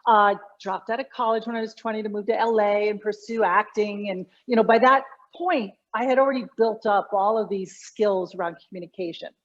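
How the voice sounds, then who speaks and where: A woman's voice: medium pitch, brisk, few pauses, highs cut off. A middle-aged woman, a communication coach, explaining her work animatedly in an interview, often restarting her sentences. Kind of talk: conversational interview.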